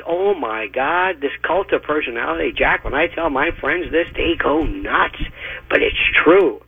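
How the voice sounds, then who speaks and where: A man giving emphatic, rapid-fire opinionated commentary as a radio guest, with a husky voice and mocking asides, heard over a phone line. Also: on the high side, animated, dry recording. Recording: tinny dry phone line.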